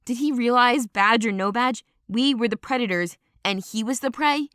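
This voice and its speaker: A woman narrating a first-person audiobook in a steady, dramatic storytelling manner. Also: on the high side, moderate pace, smooth, no room sound, studio quality.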